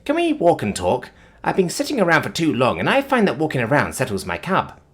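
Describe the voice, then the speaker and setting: A man's voice: fairly high pitch, wildly swooping pitch, a little fast, fairly bright tone, voice pushed up. A man voicing an eager, enthusiastic young female alien who speaks with a strong accent.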